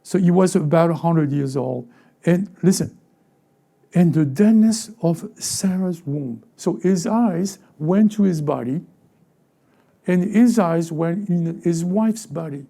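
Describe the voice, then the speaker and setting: Gravelly, very dark-voiced pastor preaching. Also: male voice, a little high, takes it slowly. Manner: acts out short quoted voices, asks the congregation rhetorical questions; repeats words and restarts phrases. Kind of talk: sermon. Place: church sanctuary.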